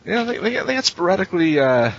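A man's voice: high voice, sing-song, fast talker. A man hosting a casual panel chat, rambling and correcting himself as he talks. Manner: rambling, self-correcting, laughs often. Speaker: podcast host. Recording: dull lo-fi audio.

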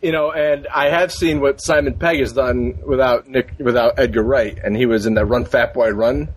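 A man hosts a podcast in loose, casual banter, rambling from joke to joke and restarting his sentences. His voice is slightly husky. He sits at a middling pitch for a man. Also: steady tone, normal speed, no echo, poor audio. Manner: rambling, joking, many restarts. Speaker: podcast host.

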